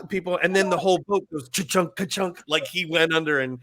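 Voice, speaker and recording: A middle-aged man speaks with a bright, forceful tone that sits a touch high for a man. He tells his stories in a loose, casual interview style. Now and then he jumps way up in pitch to mimic squealing riders. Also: a little fast. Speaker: guest, former ride skipper.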